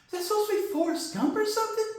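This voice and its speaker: Man doing a shrill heckler, mocking, scolding, squeaky, very echoey room. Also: racing. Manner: mocking, needling questions.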